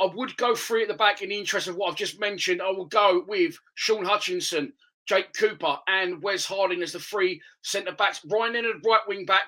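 A man with a high, forceful voice talks through a football match preview like a fan. He gives his opinions in an easy, conversational way as the show's host. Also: rough recording.

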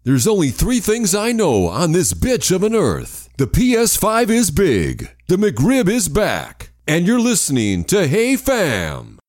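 A man doing a booming hype announcer. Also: huge pitch swings, full character voice. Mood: hyped. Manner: loud, drawn-out hype delivery. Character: booming over-the-top male promo announcer. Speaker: podcast intro voice.

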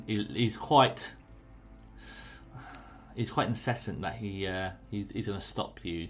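A man, narrating a tabletop game as game master in an unhurried, descriptive and encouraging way. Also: fairly low pitch, soft background music.

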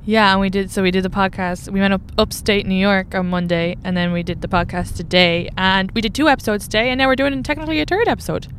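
A woman co-hosting a podcast in casual chat, talkative and quick to laugh. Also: medium pitch, steady tone, a bit bright. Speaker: podcast co-host. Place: moving car. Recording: faint car noise in background.

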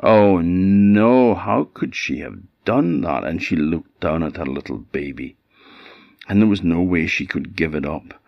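A man with an Orkney accent telling a folk tale in an unhurried, conversational way. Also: a bass voice, big pitch swings, vocal fry, no echo, muffled recording. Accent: Orkney Scots. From Orkney, Scotland. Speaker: storyteller. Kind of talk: oral folk storytelling.

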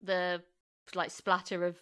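Woman, podcast co-host, bright voice, casual rambling chat, laughs a lot. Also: lowish voice, completely flat delivery, slow pace, smooth.

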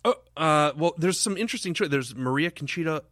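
A man co-hosting a horror film podcast, talking in a rambling, halting way with casual swearing. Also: a little high, lively intonation, a bit bright, dry recording, clean studio sound. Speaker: podcast co-host.

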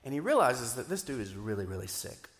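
A man, a pastor, preaching a sermon in a lively, animated way, moving between loud, emphatic bursts and quiet asides. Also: mid-range voice, a little fast. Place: church auditorium. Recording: long hall reverb.

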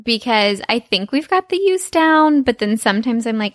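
A woman's voice: on the high side, animated, normal speed, no room sound, clean studio sound. A woman co-hosting a podcast, chatting playfully about a cartoon episode and laughing easily. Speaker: podcast co-host.

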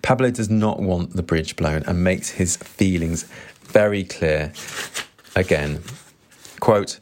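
A man reading long passages from a novel aloud and commenting on them in a measured, reflective way. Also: low voice, darkish tone. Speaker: literature commentator.

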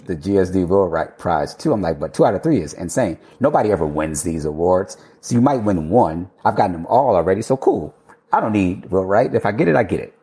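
Brisk and animated, a low-voiced, mellow-toned architect relaxes into an interview about his career. Along the way he voices what he used to say, breaking into frequent laughter and unfiltered swearing.

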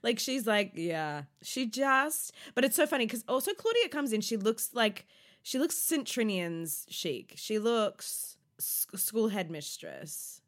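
A woman co-hosting a casual recap podcast. Her voice sits a little high and swoops widely in pitch. She giggles often and acts out what people said. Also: a little slow. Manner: giggly, animated, acts out quotes. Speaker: podcast co-host.

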